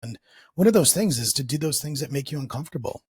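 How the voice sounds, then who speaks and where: A man's voice: medium pitch, animated, fast talker, darkish tone, slightly rough, no echo. A man hosting a podcast, talking in an emphatic motivational way and repeating his key phrases. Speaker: podcast host.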